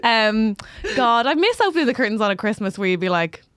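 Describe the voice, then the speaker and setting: A woman's voice: a little high, very animated, a little fast, fairly bright tone, clean tone, no echo, clean studio sound. An Irish woman co-hosting a comedy podcast, teasing and mock-exasperated in casual chat. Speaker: podcast co-host.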